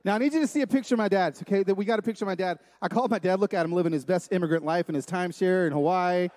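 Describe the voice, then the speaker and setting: A man with a strikingly high voice preaches to a room full of listeners, telling stories emphatically and repeating his key points. His words ring out with a long hall reverb around them. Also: racing, few pauses. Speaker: speaker at a men's gathering. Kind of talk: sermon-style talk. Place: large room with a live audience.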